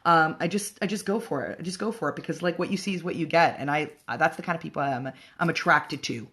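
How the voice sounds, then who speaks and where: A woman's voice: deep voice, fast, fairly bright tone. A woman hosting a casual livestream chat for moms, frank and profane, rambling along with plenty of fillers. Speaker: host of a live show for moms.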